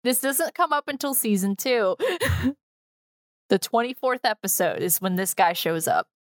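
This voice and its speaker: A woman co-host chatting casually and wryly about old TV segments. Her voice is mid-pitched and the recording is dry and close. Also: animated, measured pace, no room sound. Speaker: podcast co-host. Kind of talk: casual chat, explaining clips.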